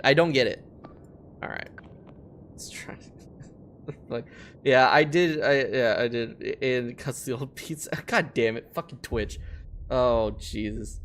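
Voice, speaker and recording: Male game streamer, animated pitch, curses often, faint noise behind. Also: vocal fry. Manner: swears a lot and gets loudly frustrated. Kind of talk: casual live-stream gameplay commentary.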